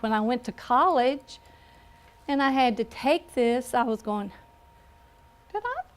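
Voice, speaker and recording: A woman with a Southern American accent, teaching a phonics class in a classroom and checking in with a patient "okay?". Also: on the high side. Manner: slow, patient, with frequent "okay?" check-ins. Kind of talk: classroom lesson.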